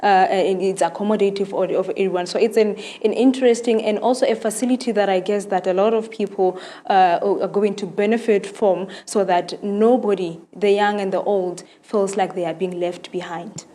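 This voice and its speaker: A woman's voice: medium pitch, fairly even intonation, normal speed, few pauses, mellow. A woman reporting in the field for television news, speaking with frequent fillers. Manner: thoughtful, with many fillers.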